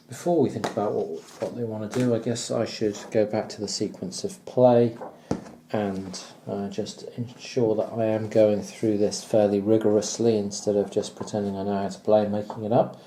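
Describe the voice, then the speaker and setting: A man thinking aloud as he plays through a board wargame, hesitant and full of pauses and fillers. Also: fairly low pitch, level tone, noisy background. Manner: hesitant, many pauses and ums, clears throat.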